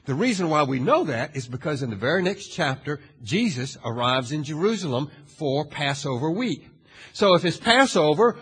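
A male pastor preaching a sermon in a dramatic way, asking the audience questions and swinging from hushed to loud. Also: a little high, husky. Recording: long hall reverb.

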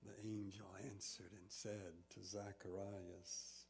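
A man preaching a sermon, reading scripture aloud and retelling it with expressive storytelling. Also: a little high, takes it slowly, hardly any pauses.

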